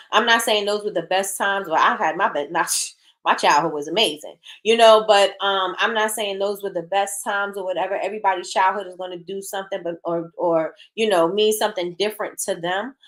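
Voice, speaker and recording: A woman's voice: mid-range voice, fairly bright tone. A woman hosting a casual talk show who gives frank opinions, reads out and answers viewer comments, and repeats her points for emphasis. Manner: frank and blunt. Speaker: host. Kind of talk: casual opinion talk, reading live chat.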